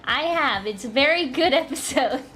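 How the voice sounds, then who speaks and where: Chatty high-voiced woman streamer. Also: lively intonation, sharp tone, faint music behind. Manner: chatty and playful, quick asides. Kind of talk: casual live-stream comic reading.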